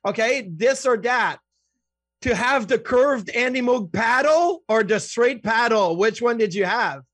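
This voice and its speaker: A man co-hosting a hockey podcast, throwing out quick, chatty questions. His voice is high and husky, and it sounds close and dry with no room sound. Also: lively intonation, fairly bright tone, dry recording. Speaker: podcast co-host. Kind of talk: podcast interview.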